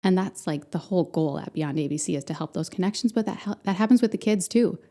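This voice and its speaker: A woman's voice: fairly low pitch, fast talker, dark tone. A woman in her thirties, a podcast guest, speaking earnestly and candidly in a conversational interview. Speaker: podcast guest, center founder.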